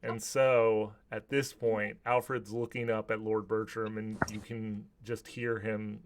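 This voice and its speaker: A man's voice: on the low side, little pitch movement, unhurried, background noise. A man narrating a tabletop game as game master, describing scenes vividly with some restarts.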